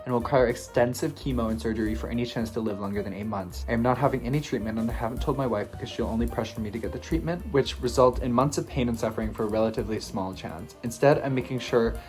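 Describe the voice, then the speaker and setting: Man, mid-pitched voice, reading posts and reacting, playful then hushed, faint music behind. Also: fast talker, few pauses. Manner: expressive, swings between playful and hushed. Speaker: video host.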